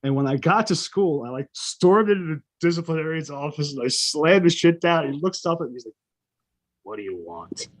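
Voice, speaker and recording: A man's voice: on the high side, a little fast, hardly any pauses. A middle-aged man, a podcast co-host, telling a profane story in casual chat and acting out the people in it.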